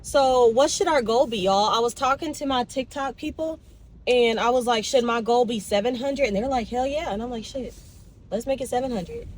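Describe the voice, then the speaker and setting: Animated, ranting young woman vlogger. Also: on the high side, moderate pace, rough recording. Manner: expressive, animated, swears and rants. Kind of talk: casual vlog chat. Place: car and convenience store, in and out of doors.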